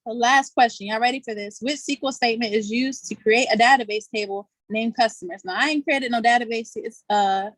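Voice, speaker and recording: A woman's voice: fairly high pitch, fairly quick, few pauses, no room sound. Playful, slangy woman hosting a quiz. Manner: playful, chatty, laughs often, colloquial slang. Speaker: session host running a quiz. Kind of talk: casual live online quiz. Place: outdoors.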